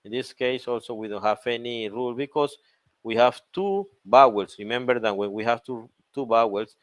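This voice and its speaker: A man's voice: medium pitch, moderate pace, dry recording. A man with a Chilean Spanish accent teaching an English grammar lesson, moving between English and Spanish and explaining step by step with patient repetition. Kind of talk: recorded online grammar lesson.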